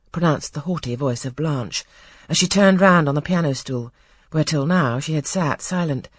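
An audiobook narrator giving a measured, expressive scripted reading of a novel. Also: mid-range voice, husky, dry recording.

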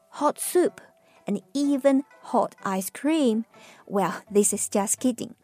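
A woman from China with a Chinese accent, teaching Mandarin tones with patient, drawn-out model words. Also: on the high side, mellow. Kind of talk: slow pronunciation lesson.

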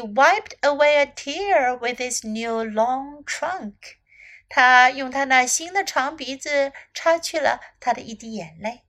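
A woman teacher reading a children's story aloud in two languages with a gentle storytelling delivery. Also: high-pitched, animated, takes it slowly. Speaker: English teacher.

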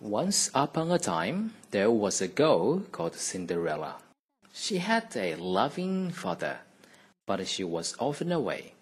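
Slow, breathy male storybook narrator. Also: medium pitch. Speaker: radio English teacher. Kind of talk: slow, expressive storybook reading.

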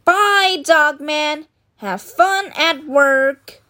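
A woman voicing a cheeky little boy kitten in a storybook read-aloud, bright and teasing. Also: sits high, drawn-out words, pitched above the performer's own voice, heavily acted. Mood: cheery.

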